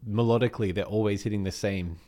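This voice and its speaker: A man's voice: lowish voice, quick pace. A man with an Australian accent, chatting casually as a podcast co-host about making music, rambling a little as he goes. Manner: rambling, relaxed, with fillers. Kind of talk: casual chat.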